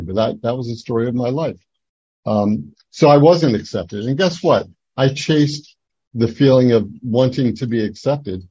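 Older man telling his story, halting and mellow. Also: mid-range voice, lively intonation, husky, dry recording, muffled recording. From Atlantic City, New Jersey. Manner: halting, rambling storytelling with many fillers and restarts. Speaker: recovery meeting speaker. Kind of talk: personal testimony talk.

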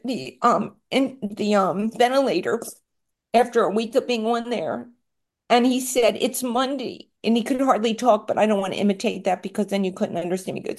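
A woman's voice: on the high side, a little fast, a little mellow. Middle-aged woman speaking at a recovery meeting; candid, rambling, self-mocking, near tears at times. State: tearful at times. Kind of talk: personal share at a support meeting.

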